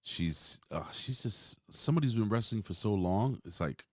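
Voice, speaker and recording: A man's voice: lowish voice, lively intonation, moderate pace, no echo, studio quality. A man co-hosting a casual wrestling review chat, joking, swearing and mocking the wrestlers. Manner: profane, joking, mocking impressions. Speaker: co-host.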